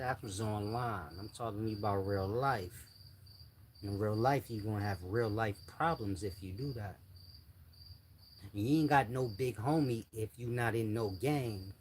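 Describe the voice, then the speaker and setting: Older man, low voice, blunt street talk, faint crickets behind. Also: slow, pauses often. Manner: blunt, street slang, addresses viewers as y'all. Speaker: channel host giving advice. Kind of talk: casual monologue to viewers. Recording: faint insect and cricket noise. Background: crickets and insects faintly.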